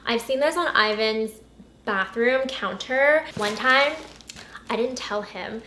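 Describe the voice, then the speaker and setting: A young woman in her twenties chats through a pile of beauty products, gushing over them with giggly asides. Her voice sits a bit high. The room is echoey, with clear noise underneath. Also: slow, pushed and bright. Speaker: beauty vlogger. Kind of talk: casual unboxing chat.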